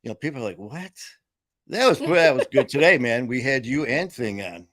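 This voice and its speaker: Animated and brisk, this medium-pitched host has a fairly bright tone, recorded dry at studio quality. On his casual live-stream chat he jokes, rambles, and acts out quotes in his stories.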